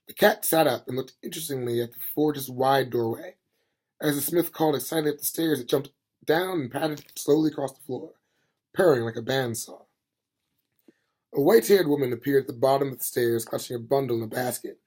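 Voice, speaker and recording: Husky man reading a novel aloud. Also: medium pitch, brisk. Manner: plain, steady reading with small slips. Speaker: reader. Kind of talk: amateur audiobook reading.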